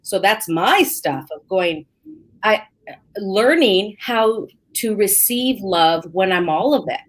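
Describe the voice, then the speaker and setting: A woman's voice: medium pitch, takes it slowly. A woman hosting a casual podcast, talking openly and expressively, acting out little quoted exchanges. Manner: open and expressive, acts out her own quotes. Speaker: podcast host.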